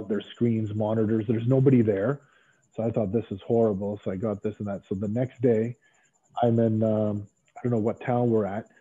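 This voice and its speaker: A middle-aged man, a guest in a long interview, telling stories in an animated way and acting out the dialogue he quotes. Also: lowish voice, slightly rough. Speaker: interview guest, former pro wrestler. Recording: tinny phone-like line.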